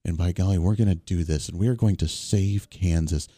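A stern, preachy middle-aged woman governor speaks in a soft, half-whispered hush, as a man mocks her in an impression. The voice sits well below his usual pitch and turns quieter. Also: brisk, no echo.

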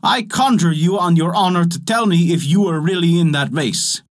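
A man voicing a poor, frightened fisherman in a storybook tale, speaking high and pleading. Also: moderate pace, lightly acted.

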